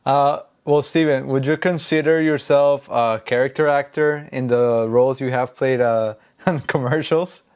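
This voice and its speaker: A man co-hosting a casual interview, speaking in a relaxed, playful and teasing way. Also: mid-range voice, a little slow, clear, resonant tone. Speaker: co-host.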